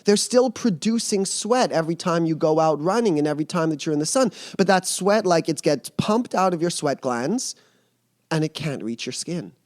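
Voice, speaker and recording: A man's voice: fairly high pitch, expressive, normal speed, no echo, studio quality. A man who mentors people on emotions, speaking earnestly in a podcast interview and explaining his ideas through vivid metaphors.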